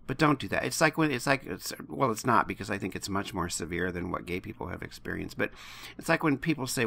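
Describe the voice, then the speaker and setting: Man, gravelly voice, fairly low pitch, impassioned, blunt, podcast chat. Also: lively intonation, fast, pushed and bright. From United States. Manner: impassioned, blunt, swears freely. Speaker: podcast co-host.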